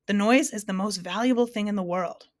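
A woman's voice: mid-range voice, brisk, no echo, clean studio sound, close to an everyday voice. A woman reading a storybook aloud, voicing a fussy male doctor who explains and persuades. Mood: persuasive. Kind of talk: storybook narration.

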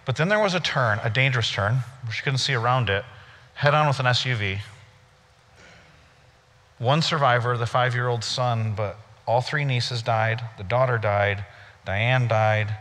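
A man's voice: medium pitch, moderate pace, fairly bright tone. A man preaching a sermon to a congregation, telling stories in a conversational way with playful asides to the crowd. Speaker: pastor. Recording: reverberant church hall.

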